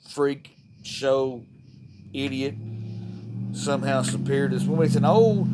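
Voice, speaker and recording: A man's voice: mid-range voice, background noise. A man delivering a profane, fired-up, rambling political rant to the camera. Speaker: vlogger.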